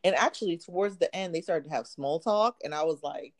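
A woman's voice: fairly low pitch, fairly quick. A woman chatting casually as a co-host, playful and teasing, laughing easily. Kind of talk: casual chat.

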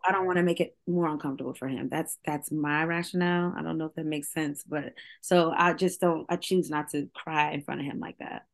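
A woman's voice: low voice, fairly even intonation, a little fast, vocal fry, hardly any pauses. Chatty middle-aged woman, candid. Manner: chatty, full of "like" and restarts, laughs often. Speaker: singer and guest. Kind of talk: candid casual chat.

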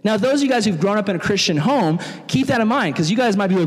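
A man's voice: sits high, fast, hardly any pauses, big-room sound. A young adult man giving a casual, chatty storytelling sermon as a youth pastor, acting out quotes as he goes. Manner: chatty, animated, acts out quotes.

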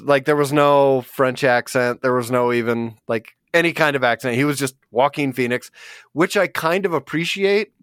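A man's voice: a little high, clear, resonant tone, dry recording. Chatty man with a dry close mic. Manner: laughs often, rambling with fillers. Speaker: podcast co-host. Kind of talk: casual podcast chat.

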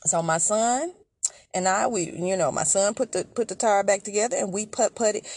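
A woman's voice: mid-range voice, moderate pace, a little mellow, dry recording. A middle-aged woman hosting a podcast, chatty and exasperated as she tells a story straight to her listeners. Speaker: podcast host. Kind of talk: casual storytelling monologue.

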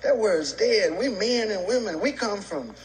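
A man's voice: sits high, expressive, a little slow, reverberant, poor audio. A male stand-up comedian telling a brash, profane story in a comedy routine.

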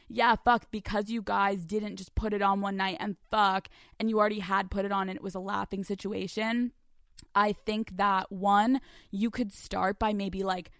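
A young woman hosting a casual advice podcast, profane and animated, often laughing and acting out quotes. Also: medium pitch, dry recording, clean studio sound. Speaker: podcast host answering listener questions.

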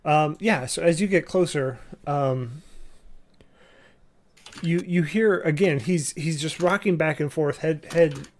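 A man narrating a tabletop game as game master, halting and full of fillers and restarts. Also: a little high.

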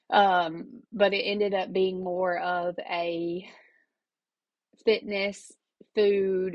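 A woman's voice: mid-range voice, no room sound, dull audio. A middle-aged woman, talking casually and emotionally as a podcast host, rambling from one thought to the next. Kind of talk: casual personal talk.

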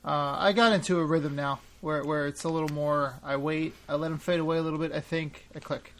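Rambling man, higher voice. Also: fairly even intonation, brisk. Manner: rambling, restarts mid-thought. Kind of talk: casual chat.

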